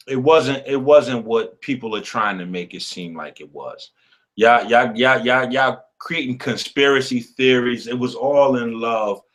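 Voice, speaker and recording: Bright, teasing man on a stream. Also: medium pitch. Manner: teasing, emphatic. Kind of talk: casual livestream talk.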